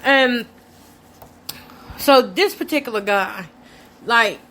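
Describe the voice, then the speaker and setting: High-voiced chatty woman storytelling. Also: slow pace. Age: middle-aged. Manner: candid, chatty, addresses viewers directly; lively, laughs between lines. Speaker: host. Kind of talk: casual storytelling vlog.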